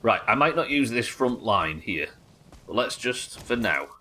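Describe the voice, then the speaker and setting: A man's voice: fairly low pitch, lively intonation, measured pace, sharp tone. A British man giving casual, chatty, sweary commentary while he plays and builds in a game. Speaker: game streamer. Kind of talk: casual let's-play commentary.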